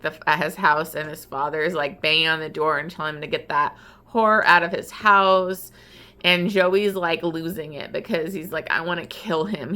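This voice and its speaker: Woman, low-pitched but bright voice, emotional casual vlog recap, lots of "like". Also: clean tone. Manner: emotional, heavy use of "like". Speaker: book reviewer.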